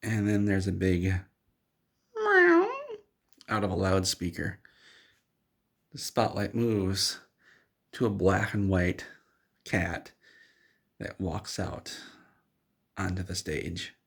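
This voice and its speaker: Deep gravelly male storyteller. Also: slow, long pauses. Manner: rambling, deadpan absurd. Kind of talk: second-person storytelling.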